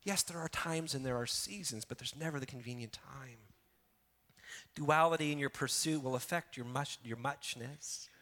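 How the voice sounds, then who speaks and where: A middle-aged man preaching a sermon as a pastor, animated, acting out excuses with quick repeated words. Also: mid-range voice, long reverb tail.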